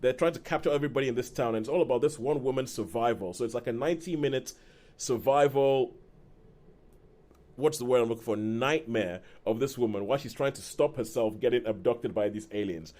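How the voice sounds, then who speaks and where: A man co-hosting a film podcast, chatting casually with rambling restarts and quick laughs. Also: mid-range voice, a little mellow. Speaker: podcast co-host. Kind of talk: casual film review chat.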